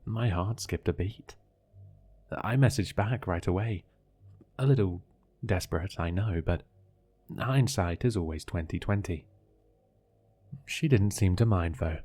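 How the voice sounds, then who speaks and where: A man narrating a horror story in measured, steady scripted storytelling. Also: deep voice, breathy edge.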